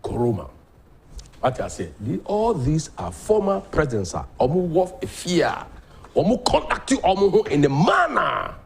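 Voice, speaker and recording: A Ghanaian man hosting a political talk show, delivering animated commentary that mixes Twi and English. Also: on the high side, a little slow, gravelly. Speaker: host.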